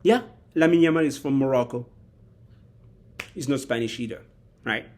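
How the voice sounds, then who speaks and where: A man giving a rambling, animated spoken analysis of a football match, often acting out quotes. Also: medium pitch, moderate pace. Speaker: football commentator.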